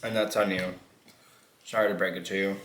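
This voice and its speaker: A man's voice: sits low, little pitch movement, brisk, fairly bright tone. A man vlogging a mukbang, telling a story in a rambling, profane way and laughing often. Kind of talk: casual storytelling while eating. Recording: echoey room.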